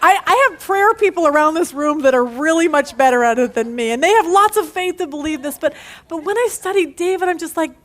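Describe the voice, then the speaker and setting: Bible study leader, middle-aged woman, high bright voice, animated, laughs at herself. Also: normal speed. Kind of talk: lively Bible study teaching.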